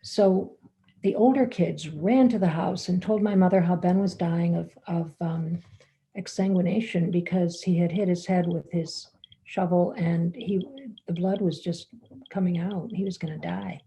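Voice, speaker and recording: A woman telling a personal family story to an audience, unhurried and halting, with fillers and restarts. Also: lowish voice, fairly even intonation, gravelly, warm tone, slight background noise, rough recording.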